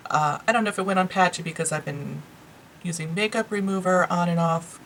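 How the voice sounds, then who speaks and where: A woman's voice: on the low side, fairly quick, a bit bright, slight background noise, low-quality recording. A woman with a New York accent casually and enthusiastically reviewing beauty products she bought, chatting to her viewers. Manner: chatty, enthusiastic, lots of fillers. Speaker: beauty vlogger.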